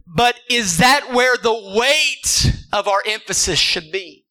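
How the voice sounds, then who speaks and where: High, bright-voiced man preaching a sermon. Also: expressive, takes it slowly, poor audio. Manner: emphatic preaching, builds to shouts and drops low; repeats words when starting a thought. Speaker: pastor. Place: church service with congregation.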